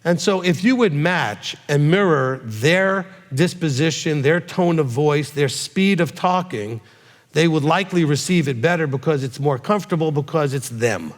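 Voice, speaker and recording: A man, a rabbi, answering questions from his congregation in a direct, animated way, often checking in with a quick "okay?". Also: a little high. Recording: long hall reverb.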